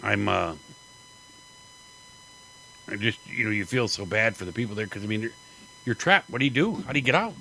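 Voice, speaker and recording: A man's voice: on the low side, animated, brisk, gravelly, pauses often, noisy background. A man hosting a talk radio show, chatting casually and laughing often between jokey asides. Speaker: radio host.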